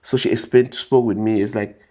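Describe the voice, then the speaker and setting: A man's voice: lowish voice, steady tone, moderate pace, darkish tone. A man from Cameroon with a Cameroonian English accent, telling his story as an interview guest and acting out the people he quotes. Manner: acts out the people he quotes, shifting voice up and down. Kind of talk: animated storytelling.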